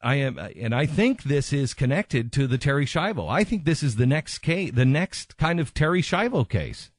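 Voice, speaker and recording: A man hosts a radio talk show with an impassioned, emphatic delivery, circling back to repeat his points for weight. His voice sits at an ordinary middle pitch. The studio sound is close and dry, with no room around it. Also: big pitch swings, moderate pace, dry recording.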